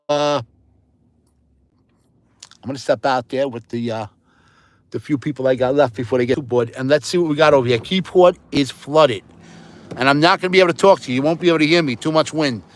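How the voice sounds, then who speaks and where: A man's voice: mid-range voice, fairly quick, pauses often. A man live-streaming on his phone, chatting casually and rambling, repeating himself and greeting viewers by name, mostly outdoors in a windy parking lot. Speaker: livestreamer. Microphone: handheld phone. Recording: phone mic with loud wind noise.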